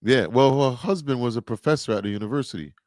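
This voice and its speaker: A man's voice: mid-range voice, fast talker, dry recording, clean studio sound. A man co-hosting a casual podcast, chatting loosely and acting out the voices of people in his stories. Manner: animated storyteller, acts out quoted voices. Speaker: podcast co-host. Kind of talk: casual chat.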